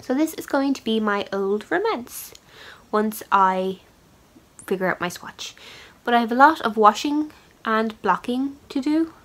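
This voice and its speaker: A woman's voice: on the high side, expressive, unhurried, poor audio. A woman hosting a knitting podcast, chatting casually and rambling with plenty of fillers as she shows yarn to the camera. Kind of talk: casual chat showing yarn.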